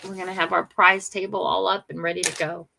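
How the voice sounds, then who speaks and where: A woman's voice: fairly low pitch, little pitch movement, a little fast, creaky, bright, forceful tone, a little hiss or hum. An older woman hosting a casual morning livestream, chatting emotionally and talking straight to her viewers. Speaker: livestream host.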